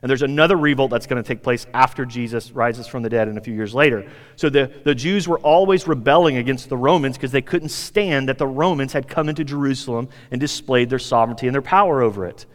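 American pastor preaching in a reverberant hall. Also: male voice, medium pitch, fast, hardly any pauses. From United States. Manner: conversational, emphatic, acts out quoted speakers. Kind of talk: sermon.

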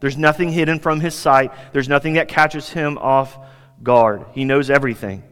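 A man's voice: normal speed, smooth. Man preaching in a reverberant hall. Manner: animated preaching, rising in pitch for emphasis. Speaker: pastor. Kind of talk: sermon.

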